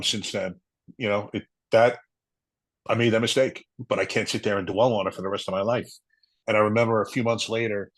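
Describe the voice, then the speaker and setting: Man, middle-aged, deep, even delivery, earnest, halting, interview guest. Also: no room sound, low-quality recording. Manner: earnest, halting, emotional storytelling. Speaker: retired police officer, guest. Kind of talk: personal story in an interview.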